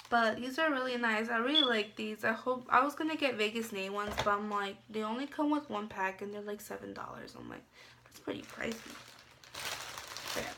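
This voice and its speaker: A young woman talks through her beauty haul in a rambling, chatty way, full of filler words. Her voice sits a little high and is bright, with gravelly fry. A faint hiss runs under the recording. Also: a little fast, hardly any pauses. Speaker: beauty vlogger. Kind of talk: casual haul chat.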